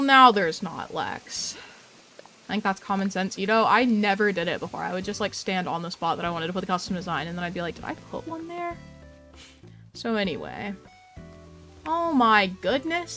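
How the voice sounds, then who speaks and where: Young woman streamer, bubbly and chatty, fairly high voice, faint game music underneath. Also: a bit bright. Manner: bubbly, chatty, greets viewers by name. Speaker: live streamer. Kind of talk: casual live-stream chat while gaming.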